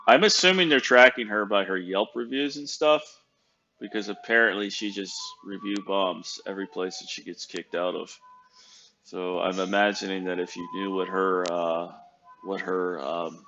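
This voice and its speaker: Man in his fifties, fairly low voice, hesitant rambling commentator, muffled lo-fi sound. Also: pushed and bright. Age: 50s. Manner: rambling, hesitant with many fillers. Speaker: YouTube commentator. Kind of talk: casual commentary.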